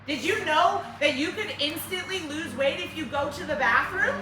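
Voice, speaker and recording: A woman fitness coach talking to a group in a lively way, asking them questions and acting out her clients. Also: high voice, moderate pace, hardly any pauses, far from the mic, loud music behind the voice. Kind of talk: group workshop talk. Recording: roomy, from across the room, faint noise.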